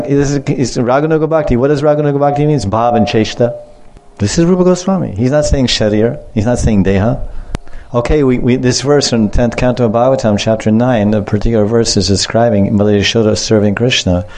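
A man gives a devotional lecture on scripture in a mellow, soft-edged voice. He repeats key words, drifts into side remarks, laughs often and acts out the scenes he retells. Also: medium pitch. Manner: repetitive, digressive, laughs often, acts out stories. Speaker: spiritual teacher.

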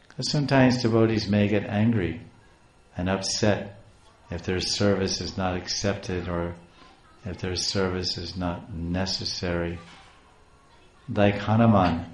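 A man preaching a sermon, retelling a devotional story with animated, emphatic storytelling. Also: low-pitched. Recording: roomy echo.

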